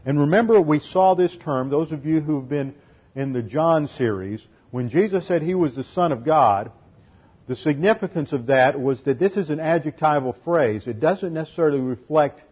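A man's voice: a little high, slightly rough, dull audio. A man preaching an expository sermon, teaching methodically through numbered points and scripture. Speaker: pastor.

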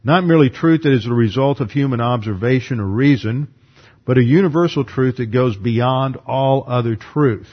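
A man's voice: medium pitch, normal speed, lo-fi sound. A man giving a methodical, numbered Bible lesson, reading verses aloud and then explaining them. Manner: methodical, reads scripture aloud between explanations. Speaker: Bible teacher.

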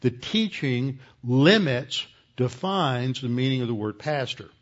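A man at a middle pitch, teaching a Bible lecture in a steady, explanatory manner and correcting himself as he goes. The recording sounds a bit dull and muffled. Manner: measured, explanatory, self-correcting.

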